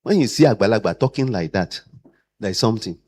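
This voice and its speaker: A man's voice: on the low side, quick pace, slightly rough. A man lecturing caregivers as a trainer and acting out the people he quotes. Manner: animated, acts out quoted people.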